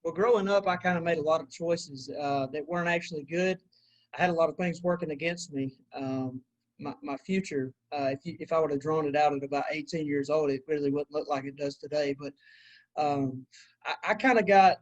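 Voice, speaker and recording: A man's voice: fairly high pitch, brisk, dull audio. A man in his twenties, a podcast guest, talking earnestly and motivationally and calling the host "man" a lot. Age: 20s. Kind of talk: casual interview chat.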